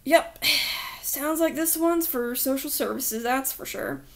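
A woman's voice: high voice, slow pace, fairly bright tone, exaggerated voice. A woman voicing a male police officer who questions a lost child in a plain, matter-of-fact way.

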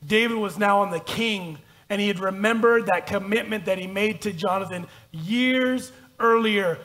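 A man's voice: high-pitched, normal speed, a bit bright. A man pastor preaching a conversational, self-deprecating sermon and reading scripture aloud in a church. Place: church sanctuary.

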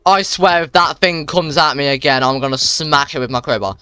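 Excitable guy, bright voice. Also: a little high, a little fast, clean tone. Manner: excitable, jumpy talk to viewers. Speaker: gaming channel host. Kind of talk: horror game let's-play commentary.

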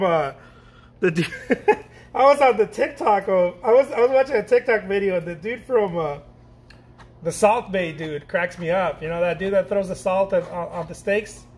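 Brief: middle-aged man, high-pitched, hyped and slangy, chatting loosely while he paints in his studio. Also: normal speed, breathy edge. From Mexico. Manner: excitable and slangy, laughs often, repeats himself. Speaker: painting instructor. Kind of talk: casual chat while painting.

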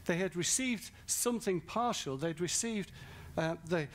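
A man's voice: high-pitched, unhurried. A man from northern England with a Northern English accent, preaching a sermon at a festival and telling a comic story. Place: large festival tent or hall.

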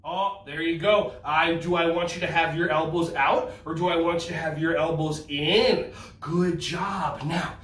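High, animated man teaching kids karate. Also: measured pace, roomy sound, recorded from a distance. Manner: animated, sing-song, cheering children on. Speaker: kids' karate and yoga instructor. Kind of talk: energetic kids' class on video.

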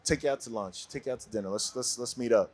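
A man in his forties from Brooklyn, a podcast guest telling a story in a casual, animated way and laughing often. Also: mid-range voice, fast talker, husky. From Brooklyn, USA.

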